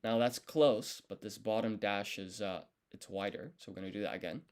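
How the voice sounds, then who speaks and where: A man studying on a live stream, thinking aloud and correcting himself as he works through each character in a relaxed, casual way. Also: lowish voice, moderate pace, clean tone. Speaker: language learner streaming his study.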